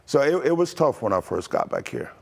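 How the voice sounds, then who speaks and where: An older American man spins stories from his playing days at an easy, relaxed pace. He chuckles often and fills his speech with "you know" and restarts. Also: mid-range voice, fairly quick, creaky, husky. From Toledo, Ohio, USA. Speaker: former pro basketball player, guest. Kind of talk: casual interview storytelling.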